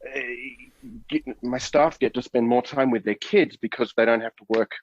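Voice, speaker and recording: A man who is a software developer being coached, thinking aloud and asking earnest questions with frequent restarts. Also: mid-range voice, normal speed. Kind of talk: casual conversation on a call. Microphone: video call. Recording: dull, dry lo-fi call audio.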